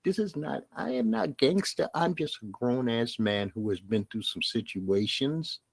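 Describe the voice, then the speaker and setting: A man's voice: mid-range voice, expressive, measured pace, gravelly, no echo. A middle-aged man with a Brooklyn New York accent, hosting a solo podcast monologue in a blunt, emphatic way, hammering his points home by repeating them. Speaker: podcast host.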